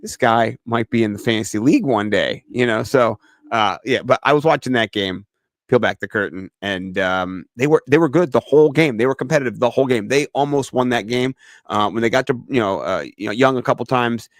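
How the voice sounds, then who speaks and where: A middle-aged man co-hosting a fantasy football show, telling stories in a lively way and acting out other people's voices. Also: mid-range voice, fairly quick, no echo, studio quality. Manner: animated storyteller who acts out other people's voices. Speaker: fantasy football podcast co-host. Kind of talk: casual chat.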